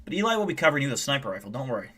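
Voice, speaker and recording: A man streaming live, telling wild stories in animated, profane, casual chat. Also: mid-range voice, rapid-fire, breathy edge, faint music behind.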